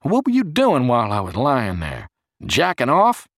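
A man reading a story, voicing a crude, sour young man who talks loud and coarse. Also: medium pitch, wildly swooping pitch, normal speed, dry recording, clean studio sound, voice pushed up, exaggerated voice.

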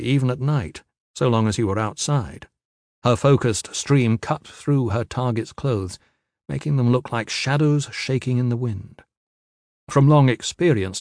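Scripted audiobook narration from a man speaking at medium pitch, steady and measured as he tells the story. There's no room sound, just clean studio audio.

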